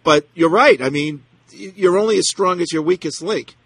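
A man's voice: high-pitched, moderate pace, a bit bright, breathy edge, dry recording. A man hosting a sports talk radio show, chatting casually and agreeably with callers and co-hosts.

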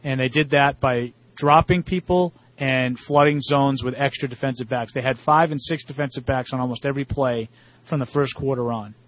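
A man's voice: medium pitch, normal speed, dry recording. A man with a Boston accent co-hosting sports radio, breaking down football in a blunt, dry way. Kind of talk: casual sports talk. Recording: dull dry radio studio sound.

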